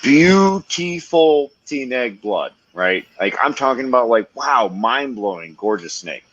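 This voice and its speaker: Excitable swearing podcast host. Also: male voice, mid-range voice, measured pace, highs cut off, slight background noise. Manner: excitable, swears a lot, laughs often. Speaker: podcast host, reptile keeper. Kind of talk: casual chat.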